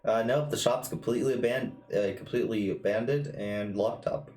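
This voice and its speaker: A man's voice: lowish voice, brisk, darkish tone. A man narrating as game master of a tabletop game, playful and stammering at times.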